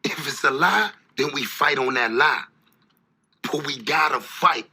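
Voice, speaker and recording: An actor playing a calm, loyal street enforcer in a TV crime drama, talking slow and level with a drawl. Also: male voice, mid-range voice, slightly rough, full character voice. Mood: resolute. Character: calm, loyal, deadly grown male street soldier.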